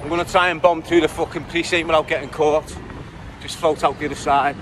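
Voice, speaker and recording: Outdoors in a city centre, a man with a Liverpool accent gives a casual city tour from his bike, chatting straight to his viewers and swearing freely in this walking-tour-style vlog. His voice is a little high, his intonation fairly even, and he talks fairly quickly. Loud street noise fills the recording.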